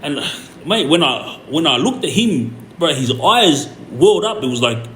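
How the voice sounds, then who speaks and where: A man, hosting a podcast and casually telling a story in an animated way. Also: a little high, measured pace, a little hiss or hum. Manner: animated, retells conversations in quoted back-and-forth. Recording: roomy echo with faint ambience.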